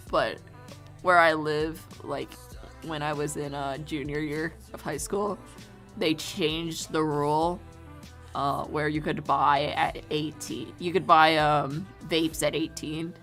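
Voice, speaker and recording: Young woman streamer, slow rambling chat, low voice, giggly, faint music underneath. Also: fairly even intonation, a bit bright. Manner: rambling, giggly, swears casually. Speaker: streamer drawing a storyboard. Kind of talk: casual chat while drawing.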